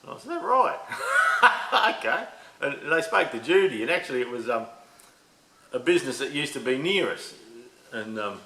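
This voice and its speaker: A man's voice: medium pitch, lively intonation, moderate pace, fairly bright tone, roomy sound, low-quality recording. A middle-aged Australian man telling a rambling, laid-back story in casual chat, swearing now and then. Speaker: podcast host. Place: shed.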